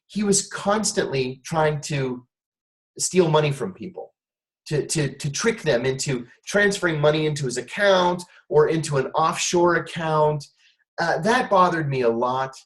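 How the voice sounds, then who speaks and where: A middle-aged man, a guest on a talk show, telling a wry, animated story in conversation. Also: a little high, rough recording.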